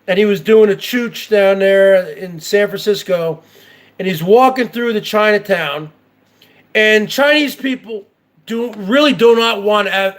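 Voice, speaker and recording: A man hosting his own show, ranting in heated, profane, repetitive commentary. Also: high-pitched. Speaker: show host.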